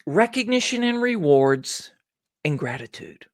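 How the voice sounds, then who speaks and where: Brief: male podcast guest, expressive storyteller, very lively pitch, dry close sound. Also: unhurried, dry recording. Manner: animated storyteller who acts out little dialogues. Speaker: podcast guest, gratitude speaker. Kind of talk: conversational podcast interview.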